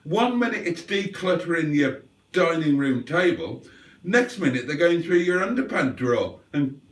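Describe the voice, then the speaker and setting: Guy chatting on his livestream, bit higher voice, all over the place pitch-wise, cheeky and theatrical, sounds a little back from the mic. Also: very animated, normal speed, far from the mic. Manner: playful, wry and mock-theatrical. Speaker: livestream host reading chat. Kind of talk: casual chat.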